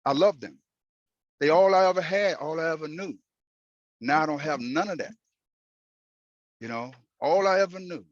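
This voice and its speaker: A man telling a personal story while driving, in an earnest, halting way with many restarts. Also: fairly high pitch, dry recording, dull audio. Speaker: host. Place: in a moving car.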